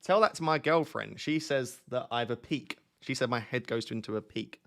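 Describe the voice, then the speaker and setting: A man's voice: medium pitch, moderate pace, vocal fry, fairly bright tone. A young man hosting a casual live stream, joking and reading out viewer comments. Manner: joking, reads chat aloud. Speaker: FPL streamer.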